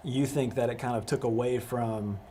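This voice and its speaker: A man's voice: medium pitch, steady tone, moderate pace, dark tone, slight background noise. A young man hosting a live youth discussion, casual and rambling, with many restarts. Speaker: youth pastor host.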